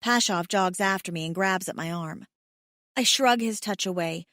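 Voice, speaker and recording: A woman's voice: fairly low pitch, moderate pace, fairly bright tone, no room sound, studio quality. A woman narrating a first-person romance audiobook in an emotional, heated way that includes swearing.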